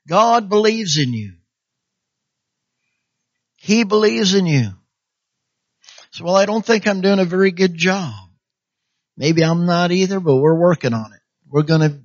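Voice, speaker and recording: A fairly high-voiced man preaching a sermon, punctuating his points with amen and hallelujah and slipping into little voices for the people he quotes. The recording is dull and lo-fi. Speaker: pastor. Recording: dull lo-fi sound.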